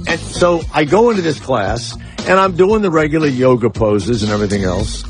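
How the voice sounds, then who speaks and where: Man, talk radio host, brash, storytelling, swears, middle pitch, studio. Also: animated, a little fast, music in the background. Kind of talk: casual talk radio chat.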